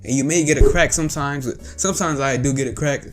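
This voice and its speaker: A man talking casually as he teaches a voice trick. He goes step by step, repeats himself and fills pauses with ums. His pitch sits in an ordinary middle range. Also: soft background music. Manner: chatty, repetitive, explains step by step with fillers. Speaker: voice tutorial host. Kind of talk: casual instructional talk.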